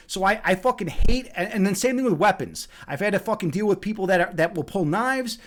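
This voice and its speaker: An American streamer with a fairly high voice tells stories to his chat. He swears constantly and rambles loosely, often restarting his sentences. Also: expressive, brisk, hardly any pauses, a bit bright. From USA. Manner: profane, rambling, many restarts. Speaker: livestream host. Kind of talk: casual chat, reading out chat comments.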